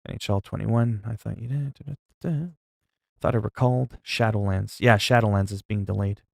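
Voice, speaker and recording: A man's voice: lowish voice, fairly even intonation, brisk, vocal fry, no room sound, clean studio sound. A man chatting casually on a game livestream, rambling, joking and reading the chat aloud into a desk mic. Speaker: gaming livestreamer.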